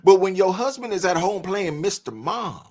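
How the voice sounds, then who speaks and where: A man's voice: high voice, animated, moderate pace, darkish tone. Man chatting on a live stream. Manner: conversational, preachy asides, laughs between points. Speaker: commentary live-stream host. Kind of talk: casual reaction commentary to viewers.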